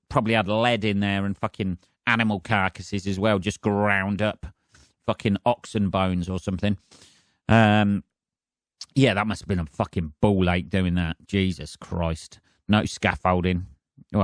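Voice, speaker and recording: A man hosting his own podcast from his flat, ranting casually with lots of swearing and sarcasm. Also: on the low side, moderate pace, no room sound, studio quality. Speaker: podcast host. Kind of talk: casual solo podcast rant. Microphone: decent home podcast setup.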